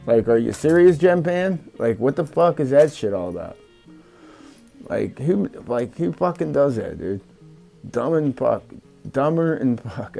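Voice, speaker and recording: Casual hobby vlogger, a man of middle pitch who grumbles and curses while he works. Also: creaky, mellow. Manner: frustrated, swearing, muttering to himself. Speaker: FPV drone hobbyist vlogger. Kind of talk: casual talk while working.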